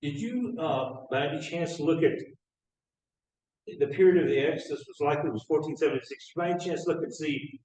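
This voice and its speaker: A man's voice: fairly high pitch, a little fast, a little mellow, a little hiss or hum. A man asking questions from across the room. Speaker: class attendee asking questions. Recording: distant and roomy, off-mic.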